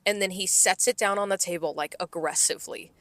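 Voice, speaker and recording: A woman's voice: mid-range voice, brisk, fairly bright tone, dry recording. A woman co-hosting a podcast, telling a story in a casual, exasperated and profane way. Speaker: podcast co-host.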